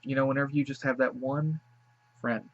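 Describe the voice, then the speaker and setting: A man's voice: mid-range voice, fairly even intonation, brisk, dry recording, muffled recording. A man hosting a reaction video, talking emotionally and gushing with thanks after having cried. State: teary after crying. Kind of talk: casual reaction commentary.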